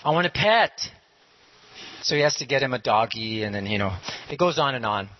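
A storyteller with a fast, medium-pitched voice casually retells a parable, rambling with many fillers and acting out the characters' lines. The recording is muffled and lo-fi, with no echo.

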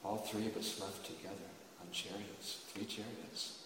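A man's voice: low voice, steady tone, normal speed, noisy background. A man preaching, retelling a sacred story in an emotive, dramatic way. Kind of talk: sermon storytelling. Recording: echoey hall, far from mic.

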